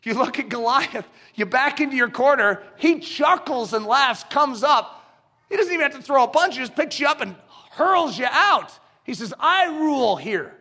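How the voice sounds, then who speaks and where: A man preaching a sermon, animated and storytelling, acting out quick dialogue in his illustrations. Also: very high voice.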